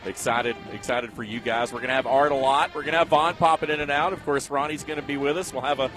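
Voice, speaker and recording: Veteran male play-by-play man, fast and loose, mid-pitched, easy laugh. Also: steady tone, over music. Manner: easygoing, laughs often, rambling. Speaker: play-by-play announcer. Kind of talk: high school football commentary.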